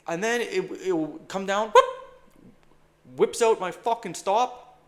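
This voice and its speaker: Man, trader, profane anxious muttering, sudden yells, raised pitch. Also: a little slow, pauses often. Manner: profane, anxious muttering to himself, bursts of shouting. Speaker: day trader. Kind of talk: live trading commentary.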